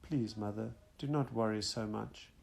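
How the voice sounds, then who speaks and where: Man voicing polite worried son, reassuring, gravelly, audiobook. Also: on the low side, normal speed, a little mellow. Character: worried grown son at a séance.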